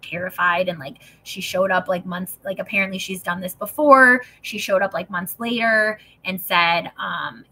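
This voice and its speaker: Bright, husky-voiced woman in her thirties. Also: mid-range voice, fairly even intonation, normal speed, few pauses. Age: 30s. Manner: chatty, peppered with "like", swearing, acting out quotes. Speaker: host reading and discussing a self-help book. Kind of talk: casual storytelling and book reading.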